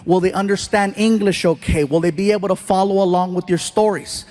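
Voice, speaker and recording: A man telling stand-up stories on stage in an animated way, acting out the people in them. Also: high voice, brisk. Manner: animated, jumps into voices for the people in his stories. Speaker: stand-up comedian. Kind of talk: stand-up storytelling. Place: large theater stage before a laughing audience.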